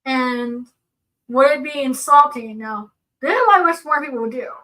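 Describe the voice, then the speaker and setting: A woman co-hosting a casual seminar talk, earnest and explanatory as she works through personal examples. Her voice sits high and bright. She sounds a little distant from the microphone. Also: normal speed. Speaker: seminar co-presenter.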